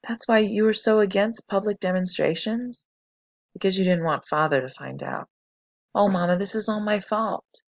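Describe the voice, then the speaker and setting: A storybook reader voicing a determined young girl protester, pitched high and loud when chanting. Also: moderate pace, creaky, close to an everyday voice. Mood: pleading.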